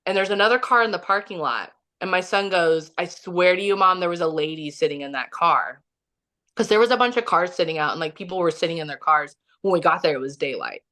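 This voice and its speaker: A woman with a somewhat low voice tells a personal story as a podcast guest. Her talk is casual and chatty, filled with "like", and she acts out what people said. She is from Kansas City, Missouri. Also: fairly quick, a bit bright. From Kansas City, Missouri, USA. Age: young adult or middle-aged, has a son. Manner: chatty, heavy use of "like", acts out quotes.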